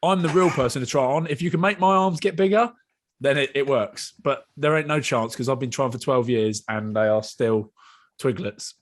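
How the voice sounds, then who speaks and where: A man's voice: mid-range voice, normal speed. A man with a Welsh accent, a rugby player co-hosting a podcast, bantering and teasing with some swearing. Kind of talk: casual chat.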